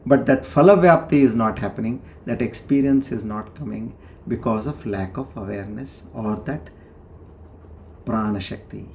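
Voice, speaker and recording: A man gives a devotional talk on scripture in a mellow, warm voice. He explains things slowly, with pauses and sudden jumps in pitch. A faint hiss sits under the recording. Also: gravelly. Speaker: spiritual teacher.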